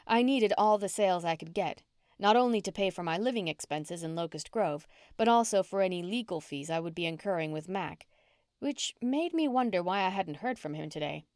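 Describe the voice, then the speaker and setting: A woman narrates an audiobook in the first person with steady, even storytelling. Her voice is slightly low for a woman. The recording is close and dry, with no room sound. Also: fairly quick, dry recording.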